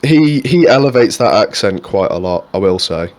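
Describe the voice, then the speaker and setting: A man's voice: on the low side, animated, moderate pace. A young man from England co-hosting a podcast in casual chat, rambling and swearing freely with many restarts. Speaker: podcast co-host.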